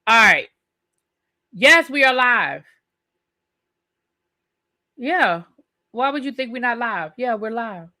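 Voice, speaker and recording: Woman host for a casual live recap show, bright and a bit high, loose and talkative with the chat. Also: expressive, takes it slowly, long pauses. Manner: chatty, repeats phrases for emphasis, talks to live chat. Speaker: TV review host.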